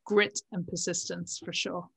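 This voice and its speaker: A woman's voice: fairly low pitch, flat delivery, a little slow, creaky, husky, dry recording. A woman hosting a casual interview, chatty and often checking for agreement. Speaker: podcast host.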